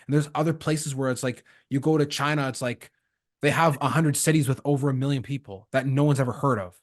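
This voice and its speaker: A man from Canada hosting a podcast, telling lively stories in a casual chat and acting out the lines of the people in them. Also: medium pitch, quick pace. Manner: lively storyteller acting out quoted dialogue. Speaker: podcast host.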